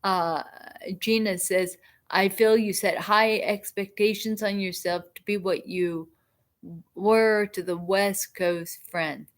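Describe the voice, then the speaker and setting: A middle-aged woman hosting a casual livestream chat, talking in a halting way with many restarts and asides. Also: medium pitch, fairly even intonation. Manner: slow, halting, frequent restarts and self-talk. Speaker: livestream host.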